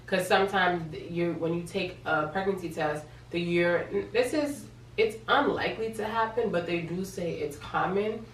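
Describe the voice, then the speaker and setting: A young woman vlogging in a chatty, animated way, acting out the voices in her story. Her voice sits a little low and sounds somewhat distant from the mic, with the room echoing around it. A faint hiss of ambience hangs underneath. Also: moderate pace, few pauses. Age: young adult. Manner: chatty, animated retelling with quoted dialogue. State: pregnant. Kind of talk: casual storytelling vlog.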